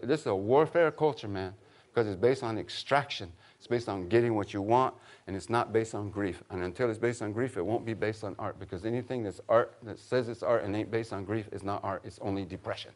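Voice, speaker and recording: A man giving an informal public talk to an audience, an animated storyteller who jokes and urges his listeners with a preacher's insistence. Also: on the low side. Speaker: author and teacher giving a talk.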